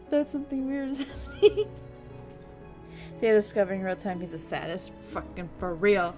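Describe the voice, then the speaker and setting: A woman VTuber casually streaming a visual novel, reading it aloud with excitable, crude, giggly commentary. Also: mid-range voice, unhurried, long pauses, soft background music. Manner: crude, excitable, laughs and swears often.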